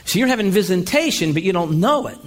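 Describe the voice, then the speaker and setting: High-voiced energetic male preacher. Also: quick pace. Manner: energetic, calls for amens, storytelling. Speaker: pastor. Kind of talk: sermon.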